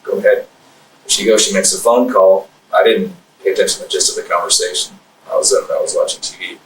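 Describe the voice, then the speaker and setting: A hesitant man recounts events in a recorded police interrogation, full of restarts and fillers. His voice sits low and is picked up from across an echoey room with faint hiss. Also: fairly even intonation, fast talker. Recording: echoey distant room mic with faint noise.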